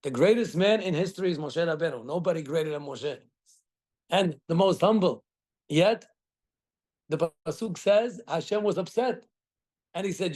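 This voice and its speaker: Middle-aged rabbi, higher-pitched man, teaching a class, acts out quotes. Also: normal speed, long pauses. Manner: animated storytelling with acted quotes. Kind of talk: Torah class.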